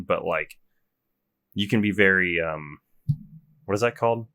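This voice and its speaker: Young male podcast co-host, deep and bright-edged, rambling casual talker. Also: unhurried. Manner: chatty, trails off and restarts, self-described gamer. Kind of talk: casual chat.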